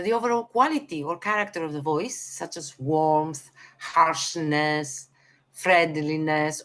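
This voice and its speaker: A woman with a Greek accent gives a lecture in a slightly low voice. She speaks haltingly, stops on fillers and often corrects herself in the middle of a sentence. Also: a bit bright. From Greece. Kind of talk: explanatory lecture on communication.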